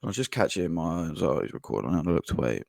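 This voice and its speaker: Low-voiced bloke, blunt. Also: male voice, big pitch swings, quick pace, creaky, a little mellow, no room sound, clean studio sound. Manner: blunt, swears, frequent ums and restarts. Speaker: podcast host. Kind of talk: casual match-reaction monologue.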